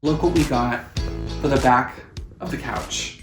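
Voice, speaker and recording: A man's voice: medium pitch, a little slow, over music. Casual male vlogger, talkative, explains as he goes, roomy indoor sound. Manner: chatty, explains as he works. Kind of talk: casual home makeover vlog. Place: apartment living room, indoors. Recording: roomy echo.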